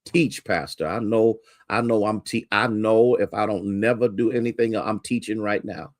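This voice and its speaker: A man's voice: fairly low pitch, moderate pace, hardly any pauses, no echo, studio quality. A male pastor preaching a sermon, repeating key lines for emphasis and greeting listeners by name.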